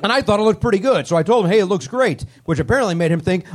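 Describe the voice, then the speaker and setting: Lively, high-voiced teasing comedy host. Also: male voice, background noise. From Canada. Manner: teasing, sarcastic, quick to riff. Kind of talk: live comedy crowd work. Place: comedy club stage.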